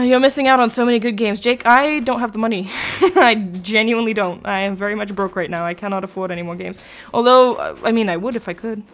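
Chatty woman streaming a game. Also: fairly high pitch. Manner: rambling, chatty, laughs often, answers chat. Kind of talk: casual live-stream chat.

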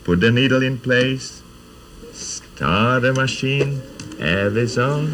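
A man's voice: mid-range voice, slow, background noise. An older man hosts a children's TV show. He tells a story to kids in a playful way and explains each step as he goes. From Czechoslovakia. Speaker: children's TV host. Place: TV studio.

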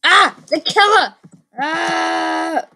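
A woman hosting her own gaming channel, giving excitable let's play commentary, repeating phrases and letting out sudden yelps. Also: very high-pitched, very slow.

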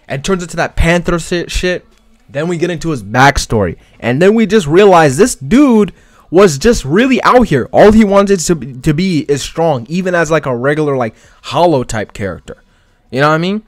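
A man with a fairly high voice, recorded dry and at studio quality, loosely analyzes an anime. As an anime commentary vlogger, he talks casually with lots of slang, profanity, and filler words.

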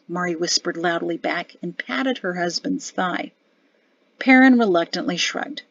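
A woman narrating a novel as an audiobook in an even storytelling delivery. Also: lowish voice, measured pace, no room sound, lo-fi sound. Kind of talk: scripted narration.

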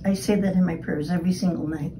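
A woman in the family giving a tearful, halting recorded message. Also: on the low side, fairly even intonation, distant mic, noisy background. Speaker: family member.

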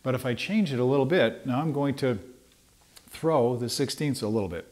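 A man with a mid-range voice gives a trumpet lesson in an unhurried, conversational tone. He explains musical ideas informally, often pausing with fillers and restarting his sentences. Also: mid-range voice, a little mellow. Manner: sings rhythms on syllables to demonstrate. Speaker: trumpet teacher. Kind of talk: relaxed instructional talk.

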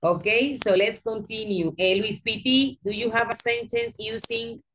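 A woman's voice: fairly high pitch, fairly even intonation, normal speed, a bit bright, slight background noise. A woman with a Spanish accent, English as a second language, teaching an English class in a classroom and patiently repeating and correcting her pupils.

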